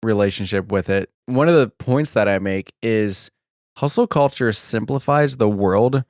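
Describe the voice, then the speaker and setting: A young man from the United States, co-hosting a podcast in a relaxed, casual way. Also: fairly low pitch, a little slow, dry recording, studio quality. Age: young adult. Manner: relaxed, brief backchannels, laughs along. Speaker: podcast co-host.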